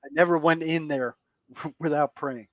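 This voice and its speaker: A man telling a story as a podcast guest. His voice sits a little high for a man, and he sounds earnest, halting and prone to repeating himself. The recording is dry and close, with no room sound. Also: fairly even intonation, no echo, dull audio. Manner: earnest, halting, repeats words while recounting. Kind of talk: storytelling in conversation.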